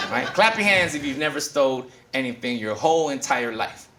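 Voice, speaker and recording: A man in his fifties from the Philippines doing a profane stand-up set, laughing at his own jokes in front of a loud audience. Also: medium pitch, animated, normal speed, hardly any pauses, roomy sound, noisy background. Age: 50s. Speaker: stand-up comedian. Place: casino stage before a live audience. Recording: stage mic heard from a distance, loud crowd and music. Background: laughing crowd and music.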